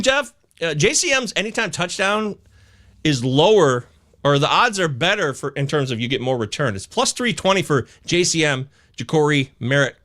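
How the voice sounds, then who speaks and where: A man hosting a live fantasy football show, talking in a rambling, animated way and swearing when upset. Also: medium pitch. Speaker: host.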